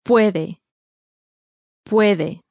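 A woman modeling single words for learners to repeat, slowly and deliberately. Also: mid-range voice, a little mellow, no room sound, studio quality. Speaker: course speaker modeling pronunciation.

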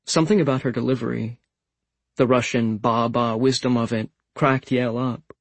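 A man narrating a literary novel in a calm, measured, understated way on a close studio mic. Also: mid-range voice, no room sound, rough recording. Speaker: audiobook narrator.

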